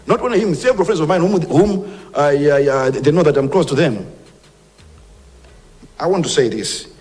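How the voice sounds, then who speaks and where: In an expressive voice on the high side, a Malawian-accented man, a government minister, makes an emphatic public speech at normal speed in a big-sounding room. He gives forceful warnings and shifts between English and Chichewa.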